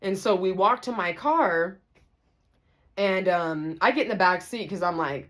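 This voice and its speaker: A woman vlogger telling a story to the camera, casual and animated, acting out the voices of the people in it. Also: lowish voice, a little slow. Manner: animated, acts out everyone's voices.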